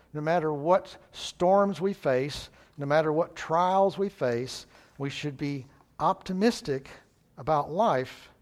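A man preaching a sermon, reading scripture and telling folksy joke stories, clearing his throat now and then. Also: fairly high pitch, a little mellow. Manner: folksy storytelling with jokes.

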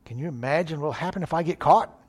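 A woman's voice: low voice, fast, darkish tone, slightly rough. A male preacher voicing a nervous teenage girl pleading in a told story.

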